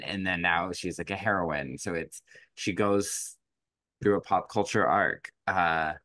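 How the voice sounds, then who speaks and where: A man's voice: low voice, fairly bright tone, no echo. A man co-hosting a podcast in casual chat, rambling along with lots of fillers and restarts. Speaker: podcast co-host.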